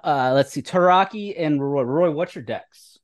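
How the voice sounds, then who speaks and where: A man narrating as game master for a tabletop role-playing session, casual and relaxed with loose fillers. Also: on the high side, moderate pace, no room sound.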